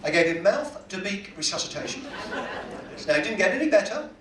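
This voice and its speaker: A man's voice: high-pitched, very animated, fairly quick, a crowd in the background. A man doing a stand-up comedy set, delivering punchlines and acting out quotes. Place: cruise ship cabaret room. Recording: echoey room, distant mic, loud audience noise.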